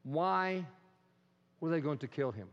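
Higher-voiced male preacher, animated, loud-to-hushed swings, dull recording. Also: a little slow. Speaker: pastor. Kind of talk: sermon. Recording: dull sound in a reverberant hall.

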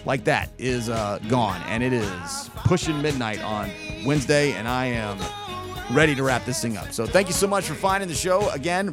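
A man hosting a radio show, telling a long casual story in a rambling, laid-back way with lots of fillers. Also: mid-range voice.

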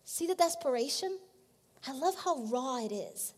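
Woman pastor, high voice, conversational emphatic sermon, long hall echo. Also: expressive, moderate pace. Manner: conversational preaching, restarts mid-phrase, emphatic.

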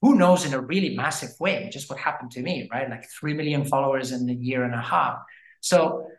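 A man from Brazil, a language educator telling stories in a casual, animated interview. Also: medium pitch, brisk. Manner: animated, chatty storytelling with frequent fillers. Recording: roomy echo.

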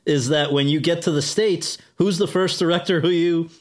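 A man conducting an interview and asking measured questions that lead his guest back through past events. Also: fairly high pitch, fairly even intonation.

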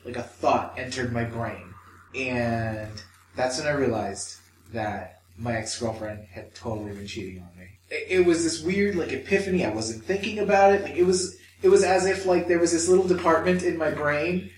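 A man's voice: fairly high pitch, normal speed. Guy on a podcast venting, acts out his own thoughts, roomy echo, faint hiss. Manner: emotional, swearing, acts out inner voices. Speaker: podcast co-host. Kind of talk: candid podcast chat. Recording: echoey room, mic at a distance.

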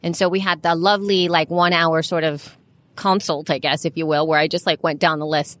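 A woman co-hosting a podcast, talking in a relaxed, rambling way with fillers like "um" and "like.". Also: sits low, brisk. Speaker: podcast co-host and consultant. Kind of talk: casual chat.

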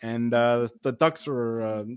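A man's voice: medium pitch, unhurried, smooth, no room sound. A man co-hosting a casual betting podcast, rambling with stammered repeats and a lot of swearing. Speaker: podcast co-host, bettor.

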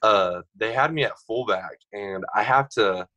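A young man in his twenties, a podcast guest telling stories in a casual, animated way. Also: on the low side, unhurried, poor audio. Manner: animated storyteller, acts out others' lines. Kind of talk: casual storytelling.

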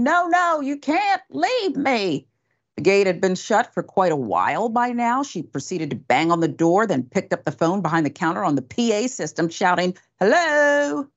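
A woman hosting a talk show, telling a story in an animated way with laughs. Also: medium pitch, gravelly, muffled recording. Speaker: podcast host. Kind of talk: casual commentary.

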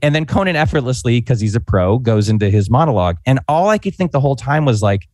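A man in his forties telling an anecdote in animated, casual podcast chat, peppered with fillers. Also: mid-range voice, no room sound. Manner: animated, fast-paced anecdote with frequent "like" fillers. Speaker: podcast guest, former comedy writer. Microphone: podcast microphone.

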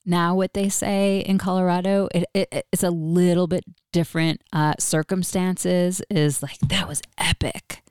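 A woman with a slightly low voice works as the interviewer, putting casual questions to her guest. Her manner is relaxed and conversational. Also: measured pace, hardly any pauses, clear, resonant tone.

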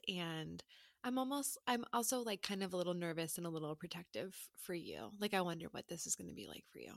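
A woman co-hosting a podcast, gentle and affirming, openly emotional with her guest. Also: lowish voice, sing-song, quick pace, creaky, no room sound, studio quality. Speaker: podcast co-host. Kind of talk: candid podcast conversation.

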